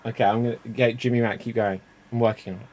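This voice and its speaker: A man's voice: mid-range voice, fairly even intonation, fast, a little mellow. A man hosting improv comedy games, chatty and laughing often. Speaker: improv game host.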